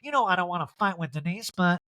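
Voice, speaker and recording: A man's voice: high-pitched, animated, quick pace, sharp tone, no room sound. A man doing a raised-voice impression of a blunt, sarcastic reality-TV woman in a comedic recap. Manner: sarcastic, emphatic.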